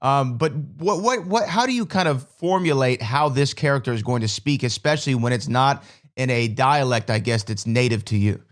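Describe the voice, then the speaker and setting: Male host, eager and complimentary, mid-pitched, plain delivery. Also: moderate pace. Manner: enthusiastic, praising, with fillers. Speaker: interview host. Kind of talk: interview questions.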